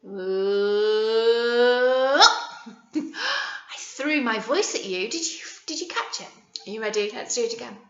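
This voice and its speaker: A woman talks in a high, lively voice. She leads a video lesson for small children, playful and coaxing. The recording is roomy and echoey, with a slightly muffled, dull sound. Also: fairly quick. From England. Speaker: nursery teacher.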